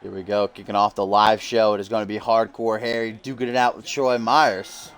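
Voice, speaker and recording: A man's voice: on the low side, little pitch movement, fairly quick, clear, resonant tone. A man hosting casual video game wrestling commentary, joking and swearing with his co-hosts. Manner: joking, profane, laughs often. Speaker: host and commentator.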